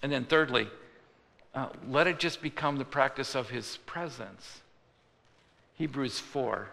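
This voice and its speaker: A man preaching in a large church, his voice gravelly and bright with an edge of tension. He talks in a loose, conversational way, slipping into the voices of people he quotes. Long reverb rings around him in the hall. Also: mid-range voice, unhurried. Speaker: pastor. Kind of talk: sermon.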